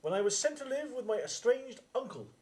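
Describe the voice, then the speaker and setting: A man acting a deadpan male assistant with a convoluted backstory in a live stage comedy sketch. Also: very high-pitched, brisk. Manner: deadpan, matter-of-fact replies.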